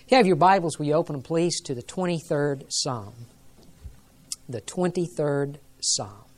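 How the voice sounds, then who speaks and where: A man's voice: fairly high pitch, fast talker. A male pastor preaching a sermon in an earnest, reverent way, building to emphatic rises.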